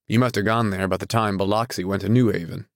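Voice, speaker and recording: A deep-voiced arrogant rich man sneers and snaps, as a male reader plays him. He sounds incredulous and insulting. The recording is close and dry. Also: fairly even intonation, brisk, no room sound. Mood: sneering. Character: arrogant wealthy man, scornful and bullying.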